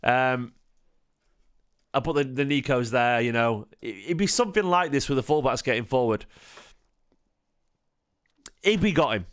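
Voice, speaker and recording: A man's voice: mid-range voice, moderate pace, pauses often, clear, resonant tone. A tired man, hosting a casual football fan stream, rambling with frequent restarts and questions to his chat. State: tired, half asleep. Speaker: football fan channel host.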